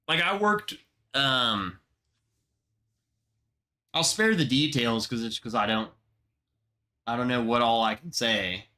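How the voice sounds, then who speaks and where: Slow-talking bright-voiced man chatting. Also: mid-range voice. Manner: slow, emotional, slangy storytelling. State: close to tears. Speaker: livestream host. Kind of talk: casual livestream chat.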